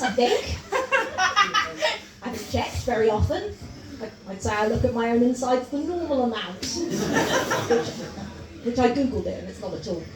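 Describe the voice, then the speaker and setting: Woman comic, chatty pub stand-up, slightly high voice, distant roomy live sound. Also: background noise. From Wales. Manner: chatty and self-mocking, with quick asides. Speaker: stand-up comedian. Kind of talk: stand-up comedy set. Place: pub comedy gig with a live audience. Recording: roomy live mic from a distance, audience laughter.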